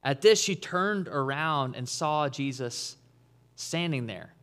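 A man preaching an Easter sermon in a conversational, animated way, acting out the people he quotes. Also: fairly high pitch, slow pace, clean tone. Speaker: pastor.

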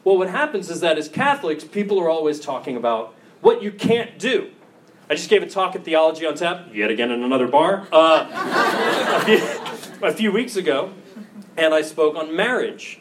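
A priest in his forties giving a casual, animated talk to college students, with frequent jokes and laughter. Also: a little high, normal speed, far from the mic. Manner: animated, jokey, laughing asides. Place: campus ministry gathering.

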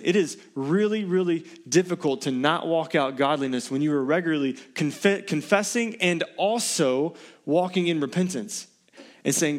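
A pastor delivering an earnest, conversational sermon to his congregation, often asking the listeners questions. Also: a little high.

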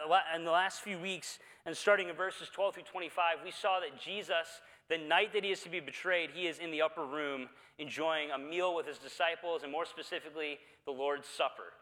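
A man preaching a Sunday sermon as pastor, talking conversationally and often pausing on "uh" and "um.". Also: fairly high pitch, sharp tone, in a large hall. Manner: conversational preaching with frequent "uh" fillers.

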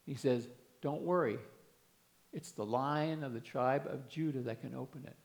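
A man's voice: mid-range voice, moderate pace, a little mellow. A man preaching a sermon, earnestly explaining and reading scripture aloud with emphasis.

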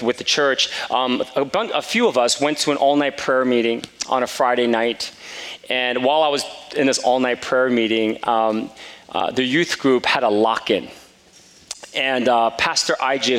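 A middle-aged man preaching a sermon, telling a personal story in a casual, animated way with many fillers. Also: medium pitch. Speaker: pastor. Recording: long hall reverb.

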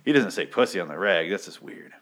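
A man's voice: low voice, lively intonation, a little fast, a bit bright. A man casually recapping a comic book issue, rambling and profane, with many filler ums and restarts.

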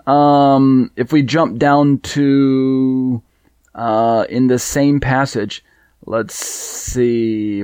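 A man's voice: medium pitch, darkish tone, no room sound. Man teaching scripture in a dry room. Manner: conversational, reads verses aloud and Hebrew, with fillers. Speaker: Bible teacher.

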